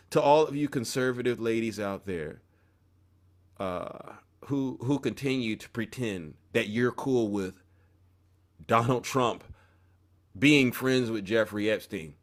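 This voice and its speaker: A man hosting an opinion commentary show, talking emphatically in a preachy tone and often breaking off mid-sentence. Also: mid-range voice. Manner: emphatic, preachy, self-interrupting.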